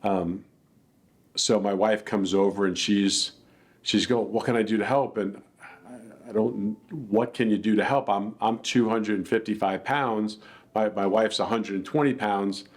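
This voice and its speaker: Earnest man with a lowish voice. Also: fairly even intonation, a little slow. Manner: earnest, plainspoken, reflective. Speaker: dog attack victim telling his story. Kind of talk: personal spoken account.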